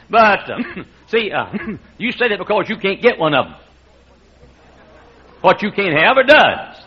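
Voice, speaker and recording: Male pastor mid-sermon, lively pitch, breathy edge, lo-fi church tape. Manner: emphatic preaching with frequent laughter from the room. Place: church sanctuary. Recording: muffled lo-fi sermon recording.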